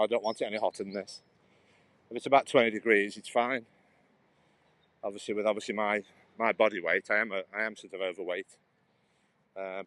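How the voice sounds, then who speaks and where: A man from England rambles chattily to his livestream viewers, answering their comments as he walks an outdoor cycle path beside a road, talking into a phone. His voice sits on the low side and is a bit bright, with no room sound and traffic passing behind him.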